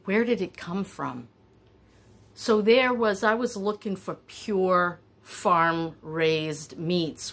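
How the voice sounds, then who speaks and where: A middle-aged woman shares stories in a relaxed, rambling vlog. Her voice sits a little low and she takes her time, drifting into chatty asides. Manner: chatty, wandering, animated asides. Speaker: vlogger. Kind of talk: casual storytelling.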